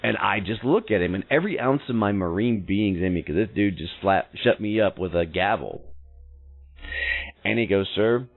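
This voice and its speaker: A man's voice: lowish voice, animated, normal speed, creaky, soft background music. A man hosting a podcast, telling a personal story in a blunt, salty, self-mocking way. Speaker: podcast host. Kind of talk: storytelling monologue. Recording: narrow phone-like sound.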